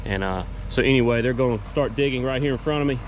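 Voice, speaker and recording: A man talking casually through a farm vlog outdoors, relaxed and rambling with many fillers. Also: mid-range voice, fast, slight background noise. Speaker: farm vlogger.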